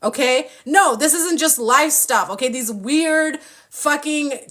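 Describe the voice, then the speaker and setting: Woman, young adult, bright voice, higher pitch, passionate, swears a lot, live-stream tarot host. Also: slow pace. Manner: passionate, swearing, animated, playful impressions. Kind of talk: casual live-stream chat.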